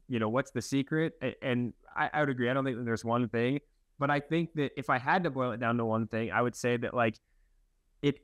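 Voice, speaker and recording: A young man, a guest in an interview, telling stories in a relaxed, rambling and self-deprecating way, laughing now and then. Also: mid-range voice, dry recording. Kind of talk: casual interview storytelling.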